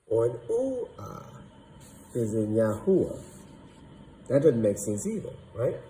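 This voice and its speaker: A man teaching a lesson, slowly sounding out syllables and thinking aloud. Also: fairly low pitch, dark tone, a little hiss or hum, rough recording. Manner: slow and deliberate, sounding out syllables; thinking aloud, doubting himself. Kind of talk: explaining at a whiteboard.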